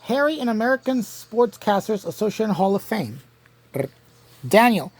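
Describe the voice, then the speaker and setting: A woman hosting a home-made crossword game show, reading clues and spelling answers letter by letter, pausing and restarting often. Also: medium pitch, lively intonation, darkish tone. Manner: halting, with frequent restarts.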